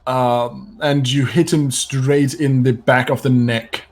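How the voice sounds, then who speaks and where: A man acting as game master, narrating a tabletop game in a calm, measured way with frequent chuckles. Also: medium pitch.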